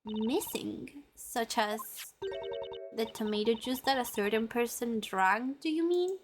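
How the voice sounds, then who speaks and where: A woman voicing a courteous maid, formal, high, game music behind. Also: slow. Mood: polite. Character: polite, composed female servant.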